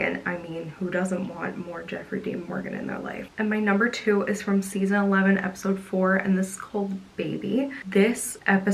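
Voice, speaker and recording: A woman's voice: fairly low pitch, creaky, poor audio. A young woman talks straight to her viewers in a loose, chatty vlog voice. She gushes and gets emotional, and she fills her sentences with "like" and "you know.". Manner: gushing, emotional, chatty with many "like" fillers. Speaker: vlogger. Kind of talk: casual chat.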